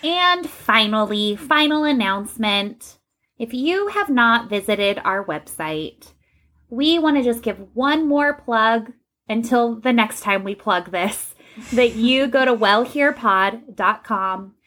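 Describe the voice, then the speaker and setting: Young woman cohost, slightly high voice, quick jokey chatter. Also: expressive, sharp tone. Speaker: podcast co-host. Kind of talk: casual chat.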